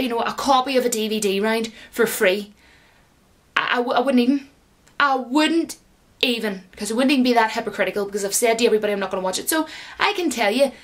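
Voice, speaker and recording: Woman in her 30s, high voice, sarcastic exasperated vlog rant. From Ireland. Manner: exasperated, sarcastic, animated ranting. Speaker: YouTuber. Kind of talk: ranting reaction vlog.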